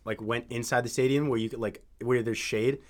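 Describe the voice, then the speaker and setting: Relaxed man in casual chat. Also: medium pitch, fairly quick.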